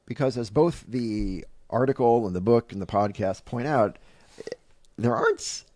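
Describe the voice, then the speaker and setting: A man co-hosting a podcast, thinking aloud with enthusiasm and a quick laugh. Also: medium pitch, warm tone, no room sound, studio quality. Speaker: podcast co-host. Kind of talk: casual chat.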